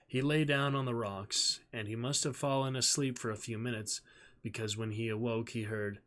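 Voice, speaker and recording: A man reads a novel aloud on his stream at a calm, measured pace. His voice sits at an ordinary middle pitch, and each sentence comes out steady and even as the story unfolds.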